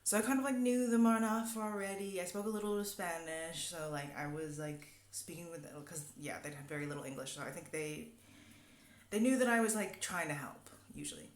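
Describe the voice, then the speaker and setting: A woman's voice: fairly low pitch, brisk. A young woman vlogger telling a story casually, rambling with many fillers. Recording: echoey room.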